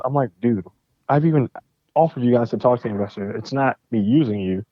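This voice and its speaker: A young man, a game studio founder and podcast guest, telling a story with animated, profane energy and acting out both sides of the conversations. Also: mid-range voice, quick pace, no echo, lo-fi sound. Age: young adult.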